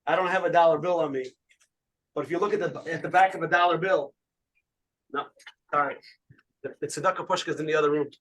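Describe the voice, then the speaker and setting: Male rabbi, slightly high voice, lively spoken sermon, repeats words as he thinks. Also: quick pace, long pauses. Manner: animated storytelling with frequent repeated words.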